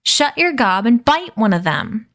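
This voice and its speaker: Brief: woman voicing a fierce young woman, blunt and impatient, slightly raised pitch. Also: very animated, a little slow, fairly bright tone, exaggerated voice. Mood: exasperated. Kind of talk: reading a novel aloud on a stream.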